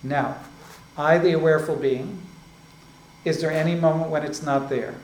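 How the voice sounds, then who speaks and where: A man's voice: fairly high pitch, steady tone. Man teaching in an echoey room. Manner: unhurried, explaining, often adds "right?" and "like this". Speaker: spiritual teacher. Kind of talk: spiritual discourse. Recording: echoey room with faint ambient noise.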